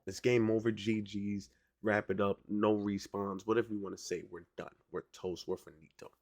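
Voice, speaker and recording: Male podcast host, low and gravelly, talks loose and slangy, keeps pulling the listener in. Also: level tone, moderate pace, a little mellow, no room sound, clean studio sound. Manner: conversational, keeps asking "right?" to the listener; slangy, drawling delivery. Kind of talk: casual solo commentary.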